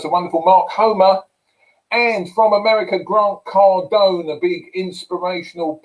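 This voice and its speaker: A middle-aged English man giving an energetic sales pitch for a property program, telling lively stories with punchy asides. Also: rough recording. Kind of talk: live sales presentation.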